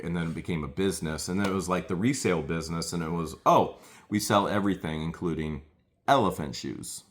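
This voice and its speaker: A middle-aged man chatting casually as co-host, retelling a court hearing and mimicking people in a shrill voice. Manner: animated storyteller, mimics others in a shrill high voice. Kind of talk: casual chat.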